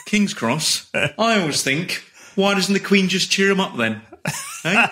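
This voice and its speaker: A man's voice: sits high, sing-song, very fast, gravelly, husky, pitched above the performer's own voice, full character voice. A Scotsman doing a brash London stand-up comic. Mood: cocky. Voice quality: loud, sing-song showman patter. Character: cocky London observational stand-up, male, brash. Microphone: video call.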